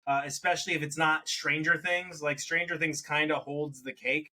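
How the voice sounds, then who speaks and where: A man chatting as a podcast co-host, with a bright, forceful voice pitched a little high. He talks in an animated, joking way and laughs often between points. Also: moderate pace. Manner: animated, laughs often, mocks accents in quotes. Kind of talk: casual review chat.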